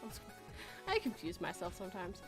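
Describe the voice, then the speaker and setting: A woman's voice: mid-range voice, big pitch swings, a little fast, music in the background. A woman hosting a casual chat, rambling and self-deprecating, often giggling. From Canada. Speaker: podcast host.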